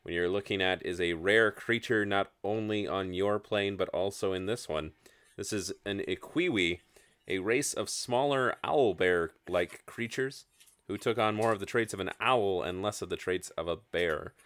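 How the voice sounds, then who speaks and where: A man with a lowish voice narrates a tabletop game as its host and game master. He talks in a relaxed way, pausing on fillers, and the sound is dry and close. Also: no room sound. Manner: relaxed, with frequent filler hesitations.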